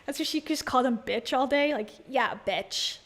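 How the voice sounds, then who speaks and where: A woman's voice: high voice, fast talker. A woman giving casual, sarcastic, playful commentary as a YouTuber.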